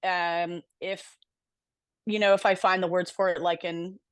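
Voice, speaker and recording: A woman's voice: fairly low pitch, level tone, a little slow, dry recording. A young woman co-hosting a podcast, talking candidly and reflectively in casual chat, with casual swearing. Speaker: podcast co-host.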